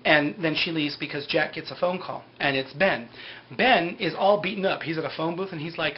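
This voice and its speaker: A man's voice: on the high side, moderate pace. A man casually recapping a TV episode in a loose, rambling way, full of "like" and "you know". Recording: dull lo-fi with faint hiss.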